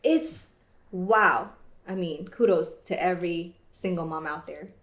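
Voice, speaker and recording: A woman's voice: lowish voice, a little slow. Playful woman joking in an echoey room. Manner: playful, joking, laughs often. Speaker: podcast co-host, wife. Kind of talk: casual chat.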